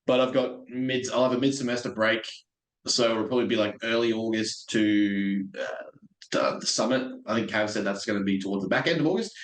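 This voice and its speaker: A man's voice: on the low side, brisk. Young aussie guy hosting a podcast, chatty and laughing a lot, echoey room. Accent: Australian. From Australia. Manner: laughs often, upbeat and chatty. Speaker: podcast host. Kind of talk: casual podcast chat. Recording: roomy echo.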